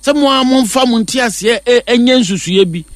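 A man with a Ghanaian accent discussing politics on a talk show. He speaks in a measured way and switches between Twi and English. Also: extremely high pitch, no echo. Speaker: political analyst.

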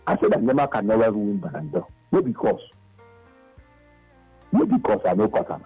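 Nigerian male caller, emphatic and repetitive, husky voice, muffled lo-fi line. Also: on the low side, wildly swooping pitch, moderate pace. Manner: emphatic, repeats himself, mixes Pidgin with English. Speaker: radio caller. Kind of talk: phone-in call to a sports radio show. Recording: dull lo-fi phone line with faint music.

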